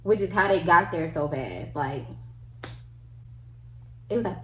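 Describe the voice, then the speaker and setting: Young woman vlogger, casual slangy storytime, animated; echoey room, faint background hum. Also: moderate pace, long pauses. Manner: animated, slangy, acts out quotes with big pitch jumps.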